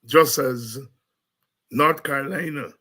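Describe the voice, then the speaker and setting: A man hosting a talk show who breaks into excited shouts and scatting between serious comments. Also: medium pitch, slow pace. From Caribbean. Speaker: host and lecturer.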